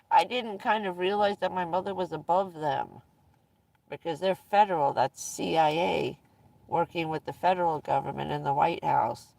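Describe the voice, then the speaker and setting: A woman's voice: lowish voice, normal speed, creaky, a little mellow, no room sound, far from the mic. A woman vlogger casually telling rambling personal stories to her viewers, often breaking into laughter mid-sentence.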